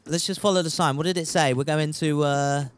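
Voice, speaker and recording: A man's voice: on the high side, steady tone, brisk, clean tone. A young man streaming a survival game live, rambling and joking, swearing casually and greeting viewers from chat.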